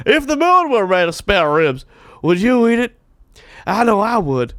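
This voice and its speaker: A man's voice: sits high, big pitch swings, measured pace, a bit bright, no room sound, clean studio sound, exaggerated voice. A man doing an impression of a rambling older baseball announcer with a boisterous drawl.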